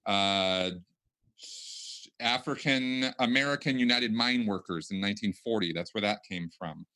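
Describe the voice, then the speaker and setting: Bright-toned male podcast host. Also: lowish voice. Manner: halting, many restarts and repeated words. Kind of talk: casual conversational podcast.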